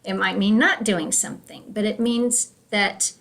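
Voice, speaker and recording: A woman's voice: mid-range voice, fairly even intonation, unhurried, fairly bright tone. A woman leading a church adult education class, chatty and self-deprecating, acting out voices as she tells stories. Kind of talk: classroom talk with anecdotes.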